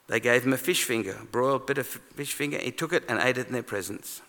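A man preaching a sermon in a conversational, animated way, acting out quoted lines. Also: medium pitch, fairly quick, few pauses. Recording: long reverb of a large hall.

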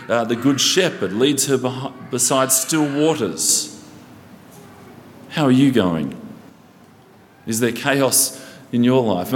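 A man's voice: on the low side, a little mellow, slight background noise. Male pastor preaching in a reverberant hall. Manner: earnest, asks the congregation rhetorical questions. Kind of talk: sermon. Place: church. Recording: long church reverb.

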